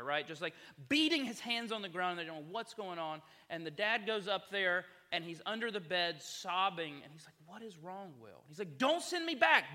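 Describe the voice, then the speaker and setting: A man's voice: on the high side, bright, forceful tone. A man preaching a sermon, impassioned and full of rhetorical questions, recorded in a church hall. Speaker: pastor. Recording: echoey hall reverb.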